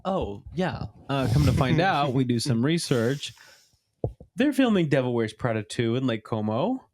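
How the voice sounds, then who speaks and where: Young male podcast host, chatty and lively, laughs through his stories. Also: medium pitch, unhurried, slight background noise. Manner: animated storytelling, laughs often. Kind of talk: casual chat.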